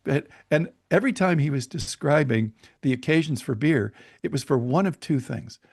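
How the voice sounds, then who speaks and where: A man's voice: on the high side, moderate pace, gravelly, no room sound, studio quality. A middle-aged man, a marketing expert, telling anecdotes as a guest in a casual interview. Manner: relaxed anecdotal storyteller.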